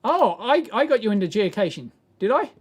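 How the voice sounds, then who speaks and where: An Australian man hosts a live stream, answering viewers' questions in a loose, rambling manner, chuckling often and correcting himself. His voice sits high and sing-song, slightly rough, and he talks briskly.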